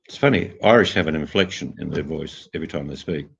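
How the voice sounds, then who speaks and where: An Australian man in casual chat who rambles through joking, deadpan tall tales. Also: a bass voice, fast, gravelly, husky, lo-fi sound. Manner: joking, meandering, deadpan storytelling.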